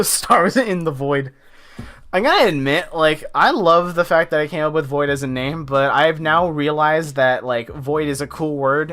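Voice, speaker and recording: A young man from the United States chats loosely on his art live stream in a slightly high, fairly bright voice. He's rambling and talkative, full of fillers and frequent laughs, and faint lo-fi music plays in the background.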